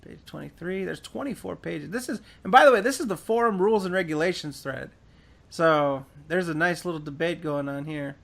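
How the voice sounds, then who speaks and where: A man's voice: a little high, a little fast, creaky, fairly bright tone. A man hosting a podcast, casually reading forum posts aloud in a laid-back, profane way with lots of fillers. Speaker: podcast host.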